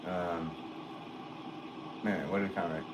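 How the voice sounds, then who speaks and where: Reading comments from his chat, a middle-aged potter hosts a laid-back livestream, wandering from point to point with filler words and quiet laughs. He speaks slowly in a low voice, with noise in the background.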